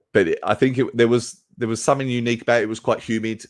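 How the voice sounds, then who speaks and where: An English man with a deep voice, chatting casually as a podcast guest, rambling with frequent restarts. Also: quick pace, dry recording, clean studio sound. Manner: relaxed, rambling casual chat with many restarts. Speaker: podcast guest and race commentator.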